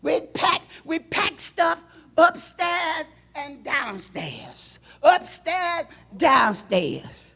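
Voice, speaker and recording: A woman pastor preaching a sermon in a church, swinging between loud emotional outbursts and hushed, low passages. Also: sing-song, very slow, creaky.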